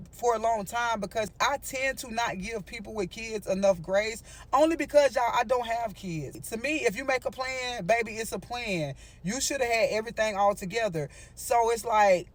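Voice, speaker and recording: Eine Frau mit hoher Stimme erzählt lebhaft und locker eine Geschichte und wendet sich dabei immer wieder direkt an ihr Publikum. Ihre Stimme steigt und fällt ausdrucksstark. Der Ton ist entspannt und plaudernd, wie bei einem Storytime-Video. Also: female voice, fairly high pitch. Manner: animated, addresses viewers with frequent asides. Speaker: storyteller vlogger. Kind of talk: casual storytime monologue.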